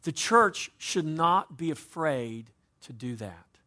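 A man preaching a sermon as pastor, with dynamic delivery that moves between loud emphasis and quiet, conversational asides. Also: a little high, expressive, slow pace. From United States.

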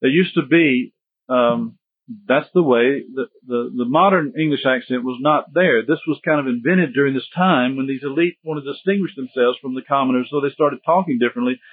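A man's voice: medium pitch, a little fast, slightly rough. A man giving a history lecture in a conversational, digressive way with joking asides. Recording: tinny phone-like dry sound.

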